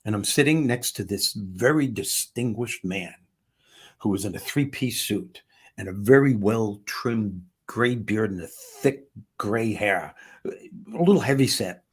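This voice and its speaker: A man, a former comedian turned motivational speaker, telling a story in a conversation with lively restarts and self-corrections. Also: lowish voice, unhurried, slightly rough.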